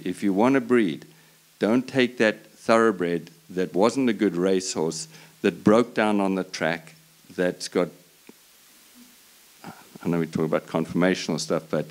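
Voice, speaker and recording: A man with a very low voice tells a personal story to a live audience. He talks earnestly and passionately, often starting sentences over as he goes. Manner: earnest and passionate, with frequent restarts. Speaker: horse breeder on a panel.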